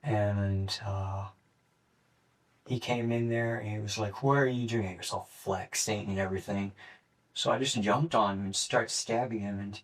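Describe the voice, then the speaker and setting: Flat, halting young man, off-mic. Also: on the low side. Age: late teens. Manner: flat, matter-of-fact, halting with fillers. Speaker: murder suspect being interrogated. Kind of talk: police interrogation statement. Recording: distant mic in an interrogation room.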